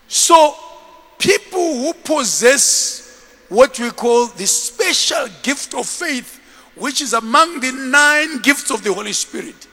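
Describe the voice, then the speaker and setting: A bishop and preacher delivers a sermon slowly in a very high, bright voice, animatedly acting out the scenes of his stories. His pitch constantly leaps and drops, and a long hall reverb lingers behind him.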